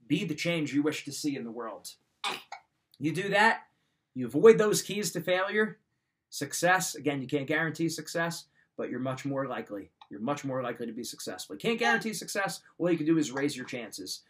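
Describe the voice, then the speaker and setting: A man's voice: on the high side, big pitch swings, fairly quick, fairly bright tone. Emphatic man giving motivational advice. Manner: emphatic, repeats points, direct advice. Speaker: podcast host. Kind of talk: motivational talk.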